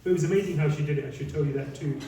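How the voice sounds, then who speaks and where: A man, a monk, telling lively stories in a talk and acting out what people said. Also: on the high side, very fast, slight background noise. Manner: lively anecdotal storytelling, acts out quotes. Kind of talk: storytelling talk. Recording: very echoey hall, mic at a distance.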